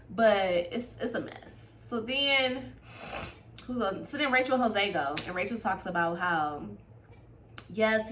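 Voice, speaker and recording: A woman with gives a casual, gossipy recap. Her voice is bright and forceful. She leaps from loud, excited exclamations to murmured asides. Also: medium pitch, slight background noise. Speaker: reality TV recapper.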